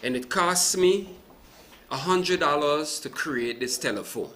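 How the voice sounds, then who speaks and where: A man from Sint Maarten speaks as a guest on a live talk show, explaining business matters with step-by-step examples. His voice is bright and forceful. A faint noise sits under the recording. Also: a little high, unhurried. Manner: animated, explains with examples and asks "right?". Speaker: event producer and businessman guest.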